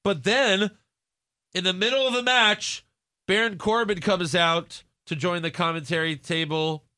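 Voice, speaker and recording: A man's voice: high voice, fairly even intonation, measured pace, pushed and bright. A man hosting a casual podcast chat, recapping events with sarcastic, jokey asides. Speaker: podcast host recapping wrestling.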